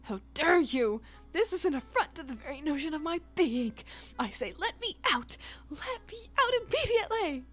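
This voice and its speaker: A woman's voice: high voice, sing-song, fairly quick. A woman voicing a haughty, grandiose male talking spellbook in a game, indignant and old-fashioned in phrasing. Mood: outraged. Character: pompous haughty male magic talking book. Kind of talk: reading game dialogue aloud.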